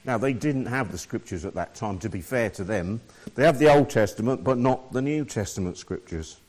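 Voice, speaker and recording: A man's voice: fairly low pitch, animated, moderate pace, a little mellow. A man preaching a sermon, reading scripture aloud and explaining it to his listeners.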